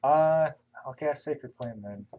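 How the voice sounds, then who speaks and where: A man at a tabletop game declares his moves in a casual, hesitant way, often pausing on an "uh." The recording is muffled and lo-fi, with clear room ambience underneath. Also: fairly high pitch, mellow, slight background noise. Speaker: player.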